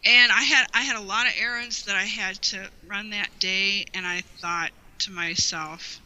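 A woman with a very bright, sharp tone recalls a personal memory as an interview guest. She talks in a heartfelt, meandering way, filling gaps with "you know". Her voice is emotional and close to tears. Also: medium pitch, fairly even intonation, moderate pace, few pauses, poor audio. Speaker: guest, longtime fan.

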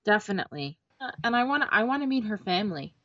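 A woman's voice: mid-range voice, very animated, fast talker, muffled recording. A woman co-hosting a casual podcast, chiming in with short agreements and jokes. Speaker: podcast co-host. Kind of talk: casual chat.

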